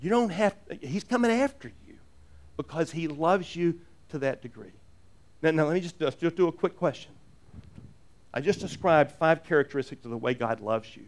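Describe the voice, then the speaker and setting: Male pastor, high voice, lively sermon delivery with joking asides and frequent restarts. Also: normal speed. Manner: animated, earnest, jokey asides, frequent repeated restarts.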